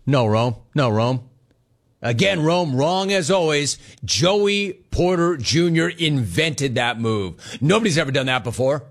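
A man's voice: fairly high pitch, expressive, unhurried, few pauses. A middle-aged man hosting sports talk radio, needling listeners with sarcastic riffs and reading chat comments aloud. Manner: sarcastic, needling, laughing at callers.

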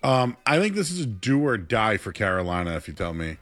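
Animated young man talking sports. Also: a little fast, soft background music. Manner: animated, pitch jumping when excited. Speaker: sports radio co-host. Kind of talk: casual sports talk.

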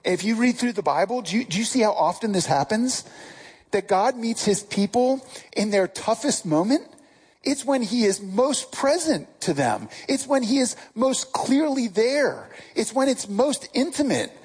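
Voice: medium pitch, sing-song, a little slow, darkish tone, breathy edge. A pastor preaching a casual sermon, talking conversationally and often restarting and repeating words.

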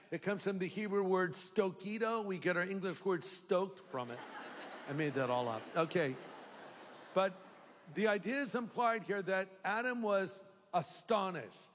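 Brief: a high-voiced male pastor, joking and conversational, echoing auditorium. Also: measured pace. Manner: conversational, humorous preaching. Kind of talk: live sermon. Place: large church hall. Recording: long reverb of a large hall.

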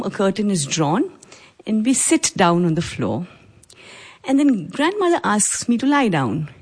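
A woman's voice: mid-range voice, a little mellow, slightly rough. Earnest middle-aged woman from India. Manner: measured, earnest, with pauses. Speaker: storyteller. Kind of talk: live personal storytelling. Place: stage before a live audience.

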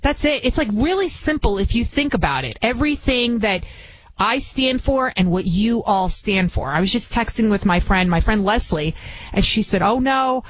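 A woman's voice: mid-range voice, animated, moderate pace, no room sound, rough recording. A woman with a Bronx accent guest-hosting a radio talk show, chatty and emphatic, often restarting her sentences. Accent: Bronx New York. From Bronx, New York.

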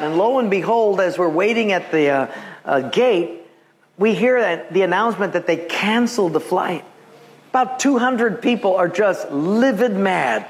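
A man preaching a sermon as pastor, telling stories with lively acted-out voices. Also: high voice. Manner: animated storytelling, acting out voices.

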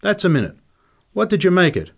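Guy putting on a wired little ex-boxer, high and pushy, voice bouncing all over, audiobook style. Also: very animated, a little fast, creaky, a bit bright, full character voice. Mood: insistent. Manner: eager, insistent, jumpy. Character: excitable punch-drunk little ex-prizefighter man.

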